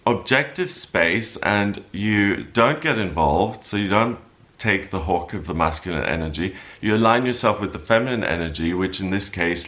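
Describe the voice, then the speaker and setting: A man with a fairly low voice gives a weekly horoscope in a casual, unscripted way. He explains the stars calmly and drifts into loose, rambling asides. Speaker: astrologer giving a weekly horoscope. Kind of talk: casual spoken forecast.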